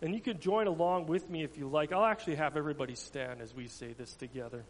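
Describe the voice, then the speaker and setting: A man reading a children's Bible story aloud to a congregation with dramatic, expressive delivery. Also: fairly high pitch, fast. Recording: long hall reverb, faint hum.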